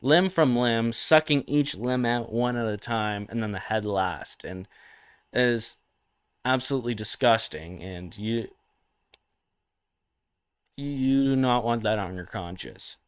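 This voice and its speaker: A man's voice: medium pitch, a little slow, pauses often, smooth, dry recording, studio quality. A young man hosting a satirical comedy livestream, talking provocatively and mockingly and reading comments from chat.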